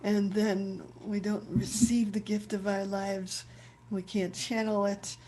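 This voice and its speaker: On a video call, a woman rabbi leading a chant session offers a reflective spiritual teaching, searching for words and repeating herself as she thinks aloud. Her medium-pitched voice stays fairly level, slow and a touch mellow, with a faint hiss or hum underneath.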